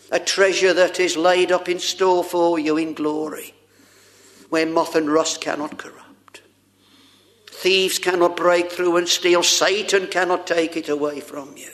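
Man preaching a sermon, slow and deliberate, voice a bit on the high side. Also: fairly bright tone. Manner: earnest, slow, rhetorical questions to the congregation; quotes old-fashioned scripture wording.

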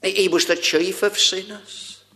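A man's voice: high-pitched, little pitch movement, a little slow, bright, forceful tone. A man preaching a sermon, addressing the congregation with rhetorical questions and old-fashioned scripture wording.

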